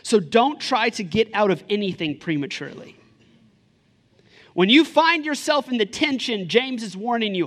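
A man in his thirties, a pastor preaching a sermon in a lively, conversational way, full of rhetorical questions. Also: high voice, moderate pace.

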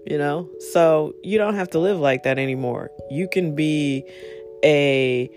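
A speaker telling a casual story and giving advice, rambling with many asides and fillers, getting animated when retelling exchanges. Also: mid-range voice, measured pace, soft background music. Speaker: monologue speaker.

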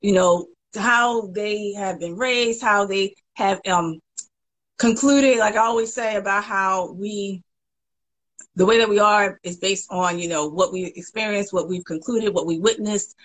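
A woman hosting a casual chat, talking in an animated, emphatic way and often restarting her phrases. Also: mid-range voice, a little slow, poor audio. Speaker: host.

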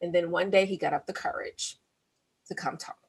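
A woman in casual chat, telling a story in a drawn-out, expressive way with breathy asides. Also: fairly low pitch.

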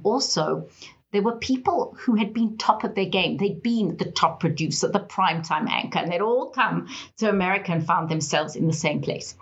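A woman with a South African accent, a guest on a podcast interview, telling her story in an expressive, emphatic way. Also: on the low side, breathy edge, highs cut off.

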